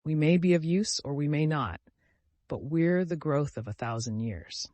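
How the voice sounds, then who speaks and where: A man's voice: fairly high pitch, moderate pace, darkish tone, no room sound, natural voice. A man voicing an older country landowner with grey whiskers, genial and reflective, in a storybook reading.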